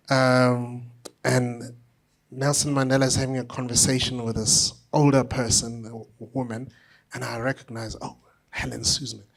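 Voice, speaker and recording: Middle-aged guy telling a funny story at a book talk, lively, laughs at himself. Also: mid-range voice. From South Africa. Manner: animated anecdotal storytelling with self-deprecating laughs. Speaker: author and conductor.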